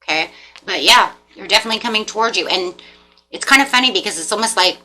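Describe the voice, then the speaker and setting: A woman giving a casual tarot reading, animated and repetitive, acting out the people in the cards. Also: mid-range voice, fast, faint music behind. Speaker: tarot reader.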